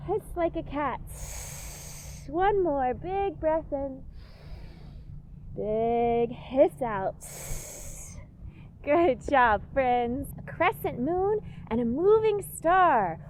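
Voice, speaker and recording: A woman's voice: very high voice, darkish tone, a little hiss or hum. A woman leading a kids yoga class, giving playful, encouraging cues and telling a rhyming story.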